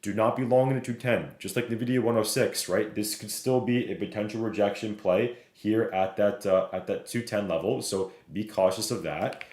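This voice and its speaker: A man's voice: fairly low pitch, darkish tone. A man streaming live, walking viewers through stock charts, reading the chat and checking in with "right?" and "okay?". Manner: fast, repeats "right?" and "okay?", reads chat aloud. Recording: roomy echo.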